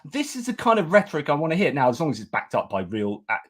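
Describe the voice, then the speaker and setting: A man hosting an online show, ranting in animated commentary. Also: a little high, fast talker. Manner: ranting, excitable. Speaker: host.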